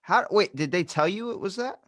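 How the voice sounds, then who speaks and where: A man's voice: high voice, animated, fairly quick, a bit bright, no echo, clean studio sound. A man in casual podcast chat, blunt and teasing, swearing freely. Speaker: podcast guest.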